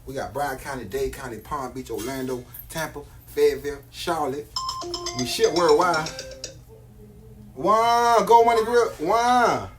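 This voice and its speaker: A man's voice: on the high side, lively intonation, unhurried. A man hypes his wares on a phone live stream, boastful and full of slang. He circles back to the same lines again and again, with faint music behind him. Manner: boastful, slangy, repetitive hype. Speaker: live-stream jewelry seller. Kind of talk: casual live-stream hype talk.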